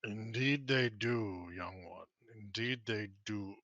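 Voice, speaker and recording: A huge old dragon drawls in a slow, guttural, condescending way, as a game master puts him on. The voice is fairly low and bright, recorded dry and close. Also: male voice, no room sound, highs cut off. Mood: sly menace. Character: huge old male dragon, lazy and menacing.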